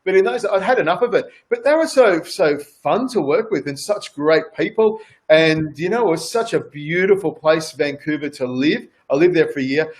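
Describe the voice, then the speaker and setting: A man's voice: on the high side, expressive, normal speed, few pauses. A man with an Australian accent, a chef chatting casually as a guest, rambling and repeating words with many fillers. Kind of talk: casual chat on a video call.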